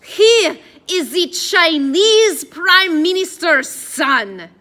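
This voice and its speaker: A woman's voice: very high voice, big pitch swings, pushed and bright, voice pushed up, heavily acted. Woman putting on a showy scheming boy. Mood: exasperated. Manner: slow, grand, drawn-out delivery. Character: cocky smooth-talking boy schemer.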